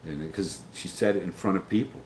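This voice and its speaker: Deep-voiced middle-aged guy rambling on his livestream, reading chat comments, slight background noise. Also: quick pace, a little mellow, rough recording. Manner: rambling, loses his train of thought, acts out quoted voices.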